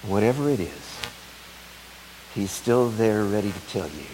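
Dramatic low-voiced man preaching. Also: animated, unhurried, a little hiss or hum, low-quality recording. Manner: dramatic, swings from loud urgency to soft tender hush. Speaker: pastor. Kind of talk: sermon.

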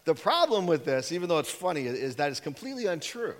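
A man's voice: on the high side, big pitch swings, quick pace. A man preaching a sermon in a conversational, storytelling way, acting out the people in his stories. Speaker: pastor. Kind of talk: sermon with a joke. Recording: long hall reverb.

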